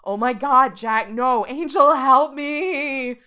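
A woman's voice: on the low side, moderate pace, natural voice. A woman voicing a flustered, nerdy young man who pleads and yelps when teased. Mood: panicked. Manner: panicky, pleading, yelping.

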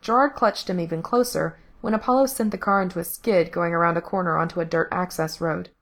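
Woman reading a story, low and steady. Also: a little fast. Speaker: narrator. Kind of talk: storybook narration read aloud.

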